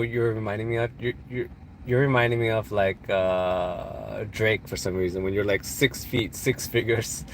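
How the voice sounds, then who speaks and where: A man's voice: mid-range voice, a little hiss or hum. A man from California hosting a casual livestream, rambling and joking while answering chat questions, his nose stuffed up from allergies. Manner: rambling, joking, laughs often. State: congested from allergies. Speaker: live-stream host answering chat. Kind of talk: casual live-stream chat.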